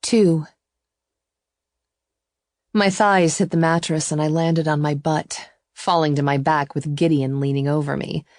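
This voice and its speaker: A woman narrating a first-person romance audiobook in an even, intimate storytelling voice. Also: low voice, measured pace, pauses often, no room sound, studio quality.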